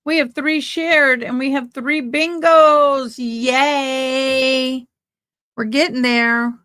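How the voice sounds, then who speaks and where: Chatty woman host of a live stream, slow and unhurried, talks back to the comments. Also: sits high, fairly even intonation, sharp tone, smooth. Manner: chatty, reads out viewer comments. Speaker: livestream host covering a trial. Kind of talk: casual live chat.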